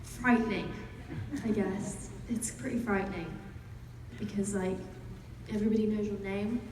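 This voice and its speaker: A woman's voice: mid-range voice, fairly even intonation, moderate pace, a little mellow, far from the mic, a little hiss or hum. Young woman chatting in an echoey hall. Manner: chatty, laughing, storytelling. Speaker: actor answering fan questions at a panel. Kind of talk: casual chat. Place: large convention hall. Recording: echoey hall, heard from afar.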